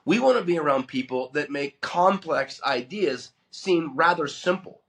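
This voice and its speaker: A man's voice: fairly high pitch, animated, a little slow, creaky, a bit bright. A man hosting a motivational podcast monologue in a studio, with a nasal voice from a head cold, earnest and emphatic. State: has a head cold, coughing. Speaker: host.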